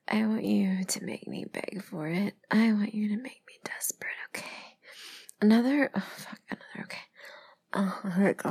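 A young adult woman performs an audio role-play in breathy whispers and low murmurs, her tone darkish. She gives commands while chewing and sighing.

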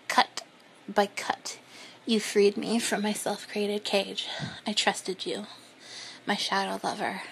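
A woman reading a first-person story in a soft, breathy, unhurried whisper. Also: mid-range voice, slight background noise. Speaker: narrator.

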